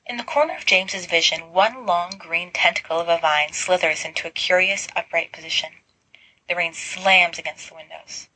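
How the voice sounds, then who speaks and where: A woman reading fan fiction aloud as a podfic narrator, in even, unhurried storytelling. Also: fairly low pitch, rough recording. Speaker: podfic reader.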